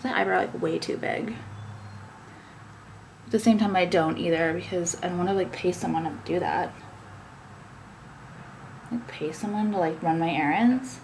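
A woman's voice: fairly low pitch, moderate pace, vocal fry, pauses often, a little mellow, slight background noise. A young woman talking casually to camera, ranting with many fillers and swearing. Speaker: vlogger and business owner.

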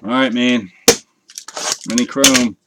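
A man's voice: mid-range voice, steady tone, takes it slowly, very noisy. Casual, swearing man hosting a card break. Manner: casual, swearing, chatting to viewers. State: tired from a long night. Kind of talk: live card break commentary.

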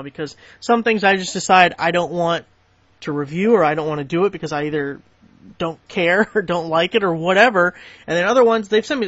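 A man running a tool deals channel rants casually and bluntly, swearing plenty as he works through coupons. He's easily riled, and his voice sits high and a bit bright in a lo-fi recording with no echo.

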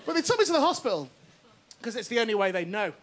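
Male stand-up, high voice, swooping delivery, self-mocking, stage mic. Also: quick pace, over a noisy crowd, heavy background noise. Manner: animated, self-mocking storytelling with frequent "right?". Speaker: stand-up comedian. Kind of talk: stand-up comedy set. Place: TV studio stage before an audience.

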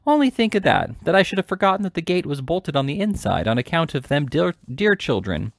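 Fawning sugary housekeeper in a storybook reading, a man's voice pitched up, lively and gushing. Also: brisk, gravelly, no room sound, studio quality. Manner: gushing, wheedling, falsely sweet. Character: fawning middle-aged woman who runs a workhouse baby farm. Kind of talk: amateur audiobook reading.

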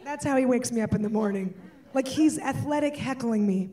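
A woman performing a stand-up comedy set, breaking into shouts and laughter. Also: on the high side, brisk, recorded from a distance, crowd noise. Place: stage before an audience.

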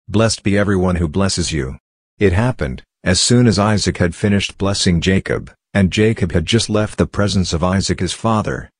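A man giving a steady, measured scripted reading of scripture. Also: low-pitched, dry recording, studio quality. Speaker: Bible reader.

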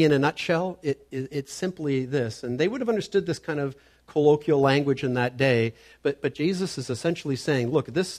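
A fairly high-voiced man preaching to his church. He speaks with earnest emphasis and stumbles on the first sounds of words as he presses a point. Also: darkish tone. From Canada. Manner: earnest, stammers on word starts, acts out quoted voices. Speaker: pastor. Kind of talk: sermon.

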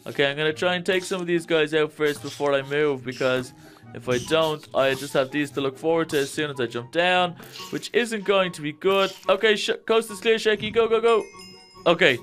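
Jittery higher-voiced man gaming. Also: fairly quick, few pauses, faint music behind. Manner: jittery, excitable, talks to viewers. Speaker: gaming YouTuber. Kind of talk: let's-play commentary.

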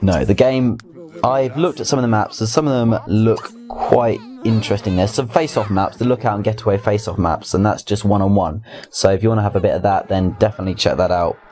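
A man's voice: fairly low pitch, brisk, a little mellow. A young man hosting a casual weekly gaming news roundup, chatty and rambling, with restarts and asides. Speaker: gaming video host.

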